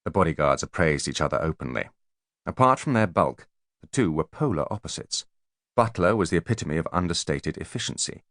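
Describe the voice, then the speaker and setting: A man's voice: low-pitched, expressive, brisk, a bit bright, no echo, clean studio sound. A man narrating a children's novel as an audiobook, telling the story expressively. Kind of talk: scripted narration.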